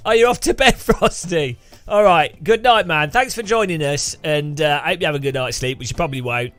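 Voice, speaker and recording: A man's voice: on the high side, a little fast, fairly bright tone, no echo, faint music behind. A man streaming a racing game, chatting casually to viewers in a rambling, self-mocking way with frequent chuckles. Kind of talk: casual live gameplay commentary.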